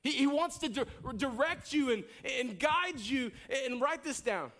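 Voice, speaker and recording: High-voiced emphatic preacher man. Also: expressive, a little slow. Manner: emphatic, repetitive preaching cadence, rising to near-shouts. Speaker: pastor. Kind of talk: sermon.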